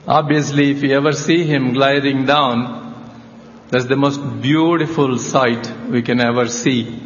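An older man, a cardiac surgeon, telling a personal story in a slow, reflective way at a talk. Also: mid-range voice, slight background noise. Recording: dull lo-fi audio with long hall reverb.

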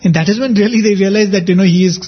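High-voiced husky man, quick anecdotes. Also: fairly even intonation, lo-fi sound. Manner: quick, hesitant with many fillers. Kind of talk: casual chat, recounting anecdotes.

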